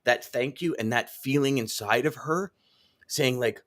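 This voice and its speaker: A man's voice: medium pitch, unhurried, a bit bright. A man co-hosting a live sales show, reading viewer comments aloud and cheering them on with enthusiasm. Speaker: podcast co-host.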